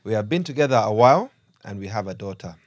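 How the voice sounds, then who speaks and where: A man reading out a letter as a white English husband seeking advice, in a put-on Ugandan accent, slow and measured. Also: fairly low pitch, expressive, dry recording, studio quality, close to an everyday voice. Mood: troubled. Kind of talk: reading a listener letter aloud.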